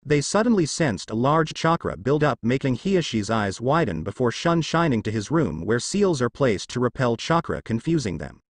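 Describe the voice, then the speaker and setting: Male narrator for a fan fiction reading, expressive delivery, lively pitch, dry close sound. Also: moderate pace, hardly any pauses, no room sound.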